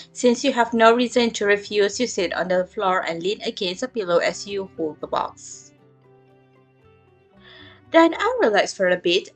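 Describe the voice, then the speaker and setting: A woman calmly narrating a romance story in second person and reading the heroine's lines in a soft, even voice. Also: medium pitch, husky.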